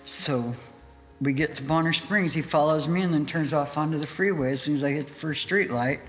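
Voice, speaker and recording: A woman guest in an interview, telling a story in a lively way, laughing often and acting out what people said. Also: sits low, a little fast. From United States. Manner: animated, laughing storyteller who acts out quotes. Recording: hall reverb with faint music.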